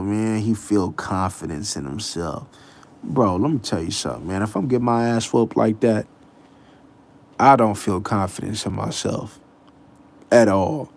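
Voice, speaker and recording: A man hosting a casual sports talk show, animated and mocking, laughing often and mimicking people. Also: fairly low pitch, a little slow, vocal fry, a little hiss or hum. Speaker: podcast host.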